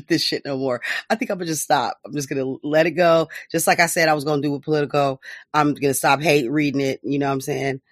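A woman's voice: sits low, no echo, studio quality. A woman hosting a podcast, giving casual political commentary in a profane, laughing, mocking way. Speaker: podcast host.

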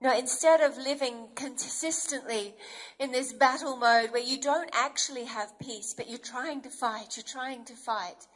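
A woman's voice: sits high, measured pace, fairly bright tone. A woman preacher giving an earnest, emphatic sermon and acting out inner voices as she goes.

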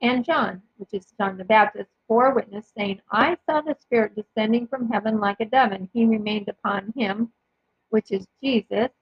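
Husky-voiced woman reading scripture. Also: fairly high pitch, no echo. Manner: careful, measured reading with occasional small slips. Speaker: podcast host sharing Bible readings. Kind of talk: reading scripture aloud with short personal commentary. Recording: dull lo-fi dry recording.

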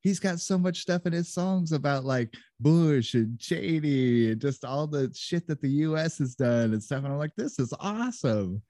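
A man's voice: fairly high pitch, moderate pace, hardly any pauses, dark tone, no echo. Brief: male podcast co-host, easygoing rambler, frequent laughs, dry close mic. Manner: rambling, laughs often, loose storytelling. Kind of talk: casual podcast chat.

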